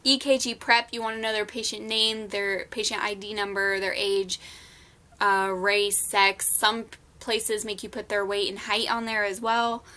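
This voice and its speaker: A woman's voice: medium pitch, little pitch movement, unhurried, bright, forceful tone. A young woman vlogging as a nursing student, recapping her class in a casual, chatty way with frequent ums. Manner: chatty, many ums, explains plainly. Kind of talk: casual study recap vlog.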